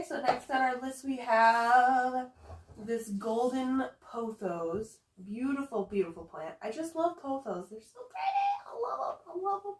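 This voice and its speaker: Gushing woman vlogger in an echoey room. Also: a little high. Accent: some regional accent that slips in. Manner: gushing, enthusiastic, fond of repeating words. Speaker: houseplant vlogger. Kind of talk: casual chat. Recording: roomy echo, distant from the mic.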